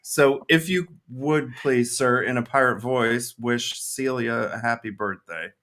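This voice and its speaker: A man's voice: mid-range voice, unhurried, fairly bright tone. A man co-hosting a casual show, laid-back, chiming in with short agreeing replies. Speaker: podcast co-host. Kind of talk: casual chat.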